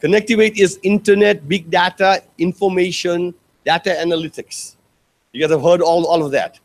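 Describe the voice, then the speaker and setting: At a conference hall, a keynote speaker tells stories at normal speed, acting out quotes with lively, big pitch jumps. He addresses the audience directly, asking them questions, including rhetorical ones, in an animated storytelling style.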